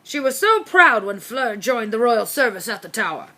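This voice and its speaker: A woman's voice: a little high, sing-song, moderate pace, bright, forceful tone, full character voice. A woman voicing a pompous, blustering male corgi brigadier, who barks "what?" after his sentences in a storybook reading.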